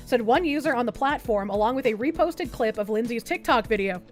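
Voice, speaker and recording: A woman streamer giving casual reaction commentary, sarcastic and profane, with quick asides. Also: high-pitched, lively intonation, faint music behind.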